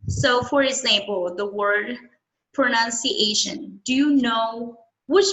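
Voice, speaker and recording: A woman's voice: a little high, slow pace, a bit bright, poor audio. A woman whose first language is Vietnamese, teaching English one-on-one and explaining patiently with frequent checking questions.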